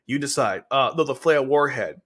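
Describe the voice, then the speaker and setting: Man, anime analysis stream, casual commentary, animated, mid-pitched voice. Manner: animated, acts out characters' lines in quick bits.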